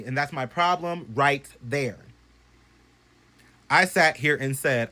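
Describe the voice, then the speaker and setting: A young man casually telling a story to his phone camera at home, animated and profane, swinging from loud bursts to hushed asides. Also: mid-range voice, moderate pace. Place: bedroom at home.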